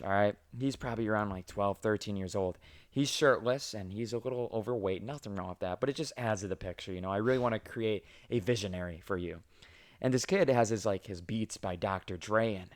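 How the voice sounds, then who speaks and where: A young man in his twenties hosts a casual podcast, telling rambling stories about his day. He swears freely and mocks himself. His voice sits fairly low. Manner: crude, self-mocking, swears freely. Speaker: podcast host. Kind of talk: casual storytelling chat.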